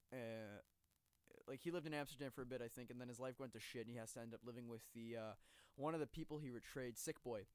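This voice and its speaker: Male co-host, mid-pitched voice, animated and profane, recorded dry. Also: clean tone, dry recording. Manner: animated storyteller, swears freely. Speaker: podcast co-host. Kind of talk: casual chat.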